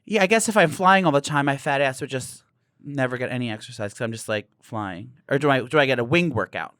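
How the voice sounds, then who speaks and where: A man's voice: medium pitch, animated, fast, fairly bright tone, no room sound. Campy, gossipy man guest, dry sound. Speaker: podcast guest. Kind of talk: casual chat.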